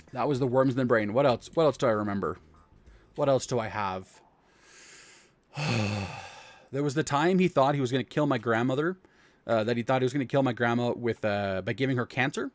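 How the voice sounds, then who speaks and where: A man's voice: medium pitch, normal speed, long pauses, no echo, soft background music. A young man tells rambling, profane childhood stories on a casual live stream, often correcting himself. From Canada.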